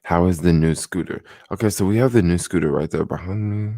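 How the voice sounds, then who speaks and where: A tired young man hosting a casual late-night livestream, rambling and relaxed with many fillers, talking into a desk microphone at home. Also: deep voice, fairly quick, creaky, dry recording, clean studio sound. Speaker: livestream host. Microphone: desk microphone without headphones.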